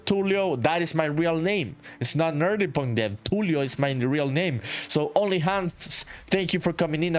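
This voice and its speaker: A man from Honduras, chatting casually on a game-development livestream, reading viewer messages aloud and saying "dude" a lot. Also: on the high side. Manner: laid-back, reads viewer chat aloud, says "dude" often. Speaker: indie game developer streaming. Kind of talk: casual livestream chat while working.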